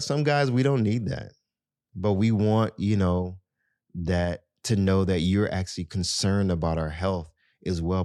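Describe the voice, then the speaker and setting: Man, very low voice, podcast host, casual advice, chatty with lots of fillers, dry close sound. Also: darkish tone, dry recording. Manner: conversational, many "you know" fillers, addresses listeners directly.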